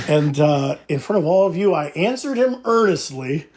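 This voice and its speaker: A man's voice: a little high, big pitch swings, normal speed, darkish tone. A man telling a sheepish, self-mocking story in a voice note, laughing as he goes. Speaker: writer sending a voice note. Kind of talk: casual anecdote. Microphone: phone voice memo.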